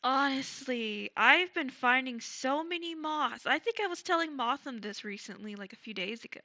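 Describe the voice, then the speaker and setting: A woman streaming live while gaming, chatting casually and gushing excitedly over her viewers. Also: high voice, normal speed, highs cut off. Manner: bubbly and gushing, thanks chat excitedly.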